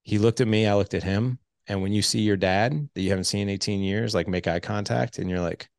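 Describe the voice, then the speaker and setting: Gravelly, low-voiced storytelling man. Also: normal speed, no room sound. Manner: animated storyteller acting out quoted dialogue. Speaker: podcast guest, fatherhood coach. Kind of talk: storytelling in casual conversation.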